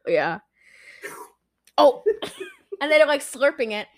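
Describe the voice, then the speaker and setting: A woman's voice: high voice, sing-song, slow pace, no echo. A woman co-hosting a casual movie recap, rambling, giggling and acting out lines from the film. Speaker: podcast co-host recapping a movie. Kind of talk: casual chat.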